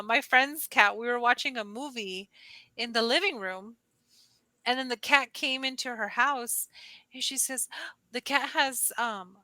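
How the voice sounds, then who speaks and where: Over a video call, a woman tutors English through a casual conversation lesson, animatedly telling stories, leaning heavily on "like" and acting out quotes in high squeals. The recording is low quality with no room sound.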